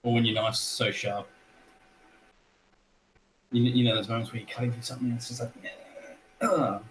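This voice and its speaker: A man's voice: mid-range voice, flat delivery, fairly quick, a little hiss or hum, rough recording. A young Australian man chatting as a guest, telling stories and laughing often. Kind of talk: casual chat on a live stream.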